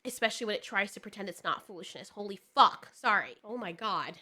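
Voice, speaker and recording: A woman's voice: mid-range voice, animated, fast talker, bright, forceful tone. A woman ranting in a profane, exasperated reaction commentary, often sputtering and laughing as she reviews a TV finale. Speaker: video reviewer.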